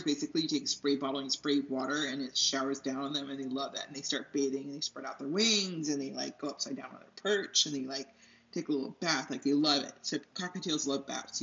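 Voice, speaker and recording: A woman's voice: low-pitched, fast, sharp tone. Rambling, chatty young woman, slightly muffled. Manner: rambling and chatty, laughs often, loses her train of thought. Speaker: art tutorial host. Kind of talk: casual chat while painting. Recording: slightly dull lo-fi sound.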